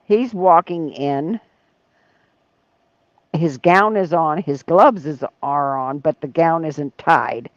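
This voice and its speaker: A woman hosting a casual chat, telling stories in an animated way and laughing often. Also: low voice, slow, no echo, highs cut off. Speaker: leatherwork channel host.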